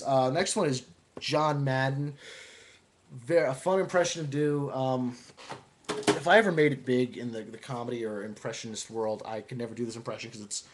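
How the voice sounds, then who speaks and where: A young man talking casually, introducing his impressions with relaxed, chatty asides. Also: medium pitch, normal speed. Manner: relaxed, chatty, hesitant with fillers. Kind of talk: casual video monologue.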